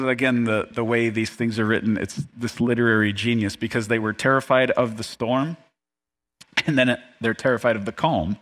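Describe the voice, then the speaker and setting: A man preaching a sermon as pastor, animated and quick to laugh, acting out voices from the story. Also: mid-range voice.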